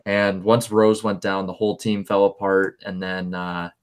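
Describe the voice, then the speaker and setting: Young male co-host, low voice, casual, excitable, rambling. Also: moderate pace. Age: young adult. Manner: animated, rambling, repeats words when excited. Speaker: podcast co-host. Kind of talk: casual chat.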